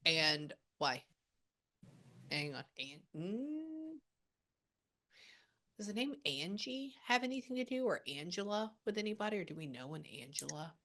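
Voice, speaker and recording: A woman working as a medium, passing on a spirit's messages in a casual, chatty way with many pauses. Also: lowish voice, animated, sharp tone, slight background noise. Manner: relays a spirit's words with quick asides and pauses. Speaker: psychic medium. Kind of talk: spirit reading session.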